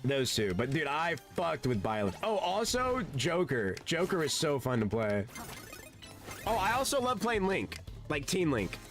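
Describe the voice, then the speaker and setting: A man's voice: fairly high pitch, huge pitch swings, unhurried, soft background music. A man streaming a game and chatting casually, rambling and laid-back, often saying "dude" and swearing. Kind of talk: casual gaming stream chat.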